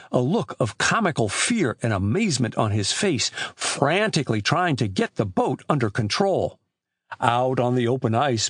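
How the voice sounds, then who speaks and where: A man reading an adventure novel aloud as an audiobook narrator, with animated shifts for the characters. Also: medium pitch, slightly rough, no room sound, studio quality. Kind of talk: scripted narration.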